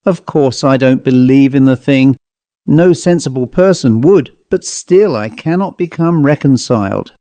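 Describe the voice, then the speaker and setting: A man's voice: mid-range voice, measured pace, warm tone, no room sound, lightly acted. A man reading aloud and voicing a stern, sensible elder spinster sister who speaks in a clipped manner. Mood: complaining.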